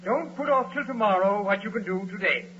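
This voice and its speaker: Mister Norris, a pompous proverb-spouting boss. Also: male voice, sits high, animated, a little fast, pushed and bright. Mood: sententious. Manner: speaks only in stock sayings, stiff and formal. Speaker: advertising boss. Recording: dull old radio broadcast with hiss.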